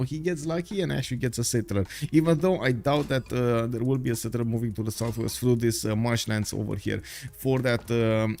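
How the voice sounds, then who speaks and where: Man, streamer, live strategy game commentary, excitable, filler-heavy, chats with viewers, mid-pitched. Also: creaky.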